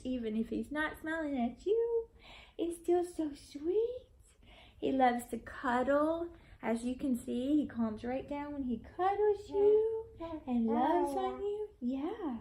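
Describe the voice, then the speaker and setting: A woman's voice: on the high side, rough recording. A woman vlogging a casual update to her viewers, gushing and affectionate, with frequent ums. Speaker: vlogger and mother of a newborn.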